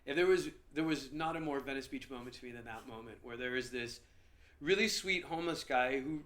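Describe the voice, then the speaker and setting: A male comedian guest telling stories in a casual podcast interview with an animated, lively manner. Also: mid-range voice, a little fast.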